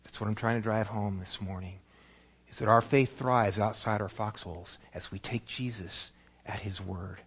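A man's voice: fairly low pitch, moderate pace, slightly rough. A male pastor preaching a sermon, telling a story vividly and acting out its scenes. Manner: animated storytelling, acts out scenes.

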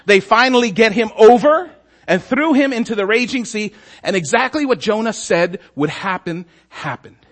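Speaking at normal speed in a voice that sits high, this man tells his sermon as a story. He acts out what the characters say with animation and often turns to the congregation with "right?"

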